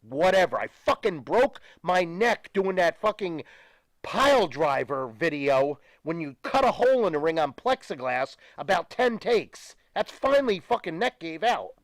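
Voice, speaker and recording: A man's voice: a little high, very animated, unhurried, dry recording. An older man, a retired pro wrestler, ranting emphatically and with profanity as a guest in a studio interview.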